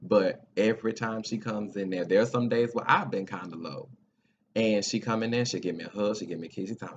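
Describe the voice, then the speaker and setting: A man's voice: on the low side, fairly quick. A man hosting a talk show, speaking in an earnest, encouraging, almost preacherly way with casual grammar. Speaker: podcast host. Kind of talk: heartfelt talk show monologue. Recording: dull lo-fi sound with faint noise.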